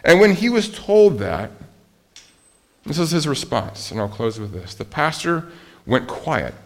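A man preaching a sermon as pastor. He talks to the congregation conversationally, asks rhetorical questions and drops to a soft, low voice for emphasis. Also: sing-song, a little slow.

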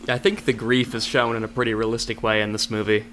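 A man's voice: lowish voice, level tone, fast talker, fairly bright tone, slight background noise. A man giving emphatic, enthusiastic opinions about a film in a casual chat.

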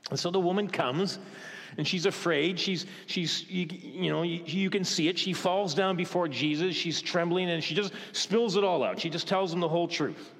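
Male pastor, mid-pitched, preaching with questions and hushed asides, long church reverb. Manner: questioning, dramatic pauses, softens to a hush for gentle moments. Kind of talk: sermon.

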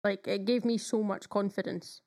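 A woman's voice: mid-range voice, steady tone, normal speed, a little mellow. A woman co-hosting a podcast in casual chat, talking with enthusiasm and lots of fillers. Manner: chatty, enthusiastic, frequent fillers. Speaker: podcast co-host.

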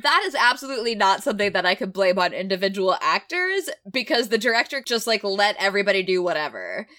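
Bright chatty woman co-host, laughs a lot, casual movie talk. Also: medium pitch, very animated, fast. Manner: chatty, laughs often, frequent "like" fillers. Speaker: podcast co-host reviewing films. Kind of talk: casual film-review chat.

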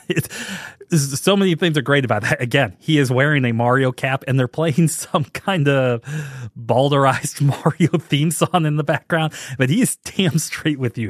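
Male podcast host, 40s, mid-pitched, rambling jokey delivery, dry close mic. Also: normal speed, dry recording. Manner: rambling, joking, animated emphasis. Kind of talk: casual chat.

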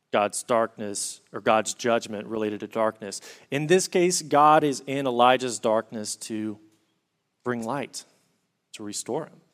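A man preaching a sermon, explaining scripture in an earnest way and reading passages aloud. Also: medium pitch. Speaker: pastor.

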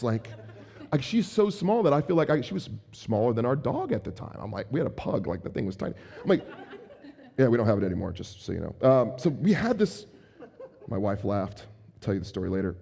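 A man in his thirties preaching a sermon as pastor, conversational and animated, with playful asides. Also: medium pitch, fairly quick, vocal fry, slightly rough.

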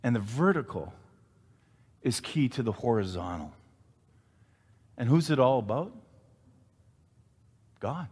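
A man preaching a sermon, an animated storyteller who asks the congregation questions. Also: mid-range voice, slow, pauses often, slightly rough, long reverb tail. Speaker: pastor.

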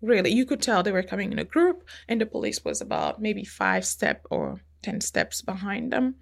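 A woman's voice: mid-range voice, huge pitch swings, normal speed, gravelly. A woman recounting a personal story in conversation, emotional and acting out the dialogue of the people involved, with frequent restarts. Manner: emotional, re-enacts dialogue with quoted voices; repeats and restarts while recounting. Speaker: interview guest.

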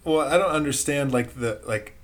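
A man's voice: a little high, normal speed. Puzzled man musing in casual chat. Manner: puzzled, hedging with lots of "like". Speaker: podcast co-host.

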